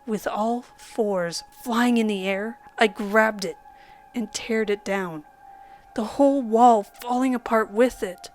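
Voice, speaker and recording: A woman reading a true horror story as a measured, dramatic narrator who sometimes drops to a whisper. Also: fairly high pitch, a little mellow, slight background noise. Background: faint background music.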